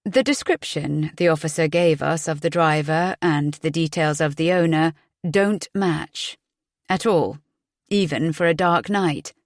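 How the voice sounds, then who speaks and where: A woman voicing a patient, probing male police detective with measured, pointed questions. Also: sits low, fairly even intonation, dry recording, clean studio sound.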